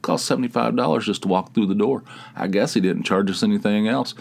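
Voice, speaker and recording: A podcast host telling stories in a rambling casual monologue, griping with wry, crude humor. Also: male voice, fairly low pitch, a little fast, gravelly, darkish tone.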